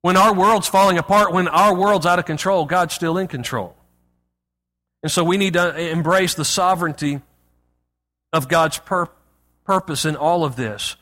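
A man preaching a sermon as pastor, reading scripture aloud and speaking with expressive emphasis. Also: high-pitched, normal speed, long reverb tail.

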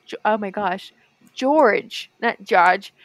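A young woman with a Midwestern accent, co-hosting a casual podcast chat and telling stories in an animated, giggly way. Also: medium pitch, measured pace, no echo. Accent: Midwestern American. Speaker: podcast co-host.

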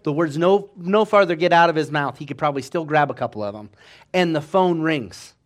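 Swinging from loud bursts to soft passages, a male preacher narrates a story full of lively acted quotations. His voice is slightly high and his delivery brisk.

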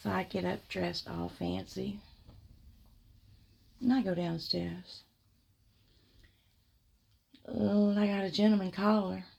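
A woman telling a first-person erotic story, drawing out her words with soft murmurs and frequent giggles. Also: on the low side, gravelly, breathy edge.

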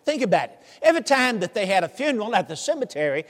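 A man's voice: sits high, big pitch swings, quick pace. A man preaching a sermon, telling the story animatedly with humor and asking the congregation questions. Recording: long hall reverb.

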